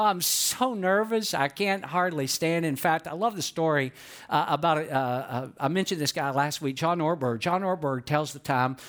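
A man from Atlanta, preaching to a congregation. His voice sits a bit high for a man. He mixes personal stories with lively call-and-response. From Atlanta, Georgia. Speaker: pastor.

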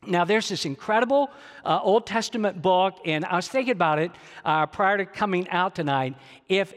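A man's voice: high-pitched, a bit bright, long reverb tail. An older man, a grandfather, preaching a sermon as a pastor, telling stories and asking the congregation rhetorical questions. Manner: storytelling with quoted dialogue and rhetorical questions.

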